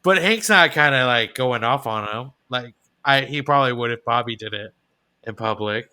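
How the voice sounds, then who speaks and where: A man's voice: medium pitch, normal speed, sharp tone, clear, resonant tone. A man co-hosting a podcast, chatting casually and rambling with many restarts. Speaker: podcast co-host. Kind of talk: casual chat.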